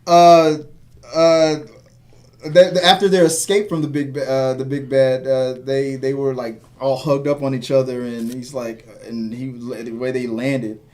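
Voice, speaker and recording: Rambling excitable man chatting films. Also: medium pitch, unhurried. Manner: rambling and excitable, many restarts. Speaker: podcast co-host. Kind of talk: casual movie chat.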